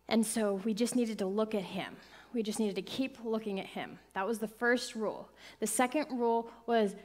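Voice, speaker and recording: A middle-aged woman minister telling a personal story in a sermon, dropping to hushed whispers and rising to excited, emphatic bursts. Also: mid-range voice.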